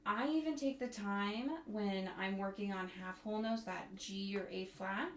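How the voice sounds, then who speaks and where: Woman bassoon teacher, mid-pitched, talks students through rhythms, roomy sound with light hiss. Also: normal speed. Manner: counts and sings rhythms aloud. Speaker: bassoon instructor. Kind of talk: music tutorial. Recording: echoey room, faint noise.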